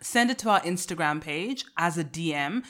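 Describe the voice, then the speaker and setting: A woman's voice: lowish voice, animated, normal speed, a bit bright. A young woman hosting a casual podcast, talking in a dry, matter-of-fact and teasing way. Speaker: podcast host.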